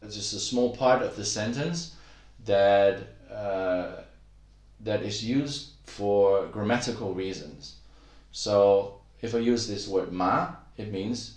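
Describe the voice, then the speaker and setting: A man's voice: on the low side, animated, a little slow, a little mellow, echoey room. A man teaching a casual language lesson, explaining patiently with many fillers and acting out example sentences.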